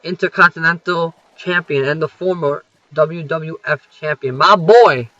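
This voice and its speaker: A man's voice: a little high, measured pace, sharp tone, dry recording, lo-fi sound. A young man rambling through a wrestling recap over gameplay, swearing freely and filling gaps with "you know" and "um".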